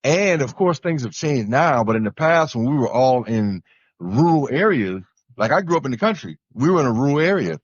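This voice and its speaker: A man's voice: medium pitch, very animated, normal speed, no room sound. Easygoing man telling a story on a podcast. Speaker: podcast panelist. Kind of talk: casual podcast discussion. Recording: dull, dry recording.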